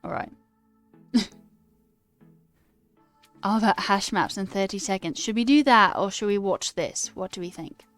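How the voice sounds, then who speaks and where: An American woman hosts a casual coding livestream, thinking aloud, hesitating, and joking at her own expense. Her medium-pitched voice moves at a measured pace with frequent pauses, and faint music plays behind her.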